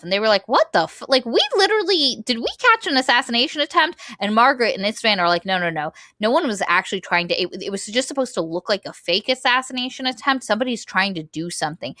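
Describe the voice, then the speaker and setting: A woman talks through a novel's plot in a lively, chatty way and quotes the characters in quick bursts. Her voice is bright and forward, recorded close and dry with no room sound. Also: mid-range voice, no room sound. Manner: animated plot recap, acting out characters' lines. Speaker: podcast co-host. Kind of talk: casual book discussion.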